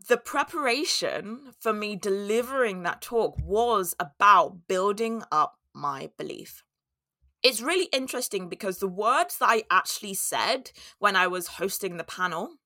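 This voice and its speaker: Bright, candid woman telling a story. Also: medium pitch, no room sound, studio quality. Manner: candid, reflective, acts out her own inner voice. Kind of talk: personal story podcast monologue.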